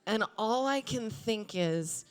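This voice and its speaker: A woman in her thirties doing a stand-up comedy set on a club stage, with deadpan asides and acted-out quotes. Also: a little high, takes it slowly, clean tone. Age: 30s.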